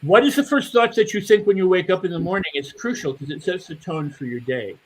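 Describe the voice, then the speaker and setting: An older man speaking as a mindset coach on a panel, animated and acting out the inner voices of his listeners. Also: high voice, fairly quick, breathy edge, rough recording. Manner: animated, acts out inner voices, repeats words. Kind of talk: motivational panel talk.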